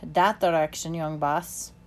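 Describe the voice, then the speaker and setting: A woman voicing a gruff, protective old island sailor man who roars and speaks slowly and emphatically in a storybook reading. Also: low voice, fairly even intonation. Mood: gentle. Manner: roaring, slow and emphatic.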